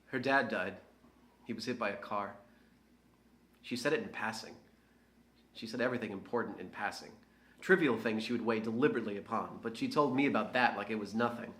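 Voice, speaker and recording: A man's voice: lowish voice, brisk, pauses often, fairly bright tone, close to an everyday voice. An actor playing a reflective, hesitant young American man in an audio drama monologue. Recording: roomy echo.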